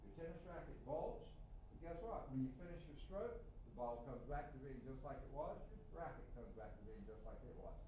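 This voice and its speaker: A man's voice: mid-range voice, lively intonation, fairly quick, far from the mic, background noise. Man lecturing a class from across an echoey room. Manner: conversational, digressive, checks in with "okay?". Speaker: college science instructor.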